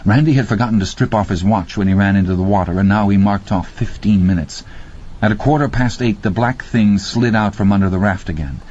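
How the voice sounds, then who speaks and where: A man with a husky voice narrating a horror audiobook with slow, dramatic pacing. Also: fairly low pitch, a little mellow. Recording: dull lo-fi audio.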